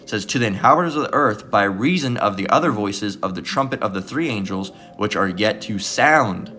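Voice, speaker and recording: A man's voice: lowish voice, animated, fairly quick, bright, forceful tone, slight background noise. A man giving a rambling, casual scripture commentary as a self-styled bible teacher, cursing freely and tagging his sentences with "all right?". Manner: profane, digressive, constant "all right?" tags.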